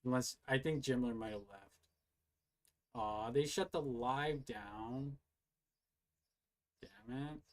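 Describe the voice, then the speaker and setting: A man's voice: medium pitch, takes it slowly, long pauses. A man giving casual live-stream commentary as he reacts to live videos, mocking and swearing a lot and arguing back. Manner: profane, mocking and argumentative.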